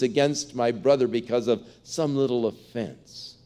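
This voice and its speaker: A man's voice: mid-range voice, a little slow, hardly any pauses, warm tone. Man preaching a sermon. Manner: earnest preaching, acts out parable voices. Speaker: pastor. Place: large church.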